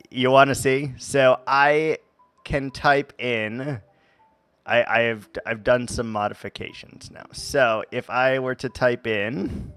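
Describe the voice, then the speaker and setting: A man's voice: mid-range voice, steady tone, takes it slowly, a bit bright, clear, resonant tone, no room sound, soft background music. A man streaming a game live, talking in a playful, rambling, jokey way.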